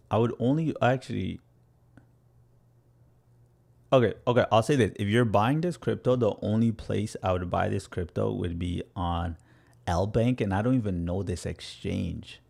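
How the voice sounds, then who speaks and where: Brief: young male crypto streamer, deep gravelly voice, energetic and chatty, reads viewer questions aloud. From Canada. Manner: energetic, chatty, playful with viewers, laughs often. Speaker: crypto educator hosting a livestream. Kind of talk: casual livestream chat answering viewers.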